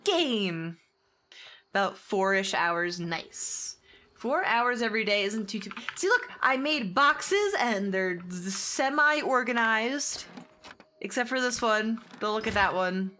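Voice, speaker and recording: Young adult woman, game streamer, casual and sweary, bright forward tone. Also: a little high, lively intonation, takes it slowly, slight background noise. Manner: chatty, swearing, laughing often, reads chat aloud. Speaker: gaming streamer. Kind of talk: casual stream chat with viewers.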